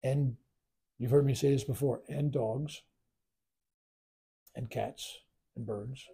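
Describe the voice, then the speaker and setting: A man leading a spiritual workshop, telling a long personal story in a rambling, animated way and acting out the quoted voices. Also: medium pitch, takes it slowly, vocal fry, slightly rough. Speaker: spiritual teacher. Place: workshop room.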